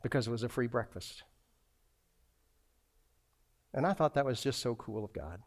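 A man's voice: mid-range voice, lively intonation, fast. A man preaching a sermon as a pastor, telling a personal story with lots of restarts and acted-out dialogue.

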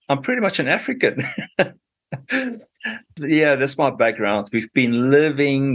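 A man's voice: medium pitch, creaky. A middle-aged man from Zambia with a Zambian accent, a radio interview guest telling his story unhurriedly with many fillers.

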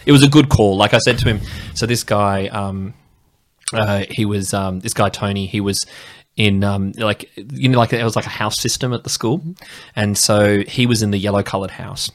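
A man co-hosting a podcast in casual chat, rambling and telling animated anecdotes. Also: fairly low pitch, normal speed. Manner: rambling storyteller, animated when recounting anecdotes. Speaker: podcast co-host.

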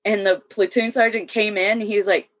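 A woman's voice: medium pitch, brisk. A woman, an Army veteran, telling stories in casual chat, swearing freely and acting out the dialogue. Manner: profane, animated, acts out quoted dialogue.

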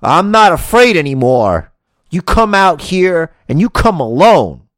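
A man playing a defiant strongman male wrestler, calling out a rival loudly. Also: fairly high pitch, very animated, a little slow, dry recording, studio quality, voice pushed up. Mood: challenging. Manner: loud challenging call-out.

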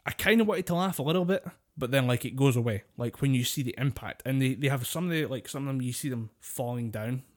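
A man's voice: mid-range voice, fast talker, few pauses. A man co-hosting a casual podcast, telling a story with a lot of swearing and laughter. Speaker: podcast co-host. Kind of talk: casual chat.

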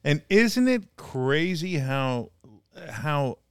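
A man's voice: fairly high pitch, very animated, extremely slow, clear, resonant tone, dry recording, clean studio sound. A man co-hosting a casual chat, chiming in with short agreements and jokes, and sometimes telling a story of his own. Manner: chimes in with short agreements and quips. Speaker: podcast co-host.

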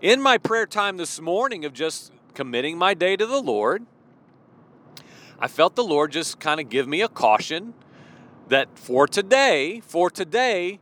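In an informal devotional sermon, a man preaches in an animated, emphatic style, his voice rising and falling widely as he hammers home each point. His pitch is a bit higher than most men's, he speaks a little slowly, repeats key phrases for weight, and drops casual fillers in between.

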